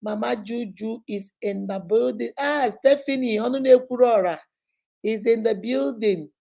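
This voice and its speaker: A woman's voice: fairly high pitch, a little slow, gravelly, dark tone. A woman hosting a casual live stream, giving emphatic marriage advice and greeting viewers by name. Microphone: phone.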